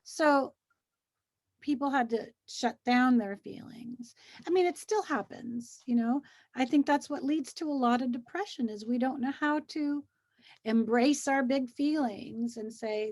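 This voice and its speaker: In a casual conversation, a female co-host with a high voice speaks at a measured pace, telling animated stories and acting out what people said in soothing or mimicking voices. When quoting a child, she becomes soothing and gentle.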